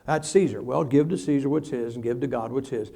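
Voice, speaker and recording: A man preaching a sermon, telling stories with humor and acting out quick asides. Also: mid-range voice, gravelly. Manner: humorous, animated storytelling with acted asides.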